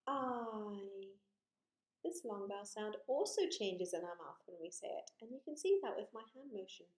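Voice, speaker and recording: A woman teaching a phonics lesson to young children, drawing out vowel sounds slowly and praising often. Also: mid-range voice, very animated, mellow. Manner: slow, encouraging, exaggerated vowel sounds. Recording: echoey room.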